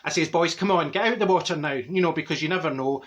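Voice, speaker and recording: Lightly acted, this comedy character is a man voicing a straight-talking, chatty older Glasgow woman in a Glaswegian accent, rambling and laughing through cheeky stories told to camera. His voice is on the high side, fast and fairly bright.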